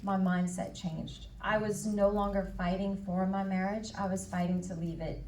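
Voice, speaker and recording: In a flat, slightly mellow medium-pitched voice at normal speed, a woman gives candid testimony at a conference, acting out her past dialogue and inner voice. The echoey hall recording picks her up from afar with slight background noise.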